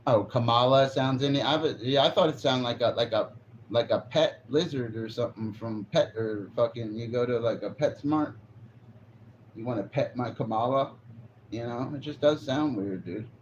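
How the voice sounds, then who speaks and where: A man talks in a loose, rambling way as a live streamer, reacting to chat and swearing freely. His voice sits at an ordinary middle pitch. The audio is dull and lo-fi, with a faint hiss underneath. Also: moderate pace. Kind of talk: casual chat.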